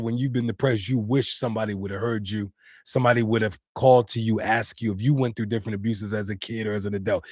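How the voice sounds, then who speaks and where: A man's voice: mid-range voice, a little mellow, dry recording, studio quality. A man live-streaming, talking earnestly and casually to his chat in slangy speech. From United States.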